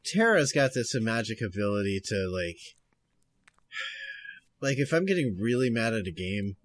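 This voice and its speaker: A man's voice: fairly low pitch, big pitch swings, normal speed, slight background noise. A man co-hosting a podcast, telling an anecdote in a rambling way, full of "like" and restarts. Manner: rambling, hesitant, with many "like"s and restarts. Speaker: podcast co-host. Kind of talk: casual chat.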